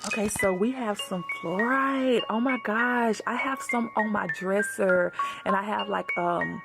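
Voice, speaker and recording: A woman chatting excitedly to viewers while unboxing a gift box, gushing and calling them y'all. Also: mid-range voice, measured pace, gravelly, loud music behind the voice. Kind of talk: casual unboxing chat.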